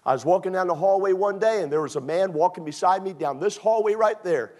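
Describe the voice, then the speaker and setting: A man's voice: high voice, fairly quick, a little mellow. A man from Maryland preaching a sermon as pastor. His delivery is conversational and joking, with emphatic swells.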